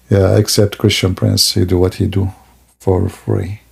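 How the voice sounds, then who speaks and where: Gravelly, husky man mocking on a stream. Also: low-pitched, flat delivery, takes it slowly, a little mellow. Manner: sarcastic, rambling, laughs at own jokes. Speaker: livestream host. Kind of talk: mocking comedic commentary.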